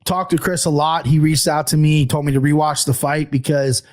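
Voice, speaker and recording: A man's voice: a little high, steady tone, moderate pace, no echo. A man from the US Midwest co-hosting a sports podcast in loose, easygoing chat. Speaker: podcast co-host.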